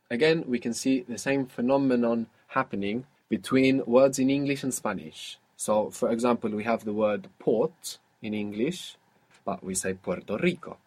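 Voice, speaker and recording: Husky-voiced man teaching step by step. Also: on the low side, a little mellow. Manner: patient, questioning, explains step by step. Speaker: language teacher. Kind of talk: guided audio language lesson.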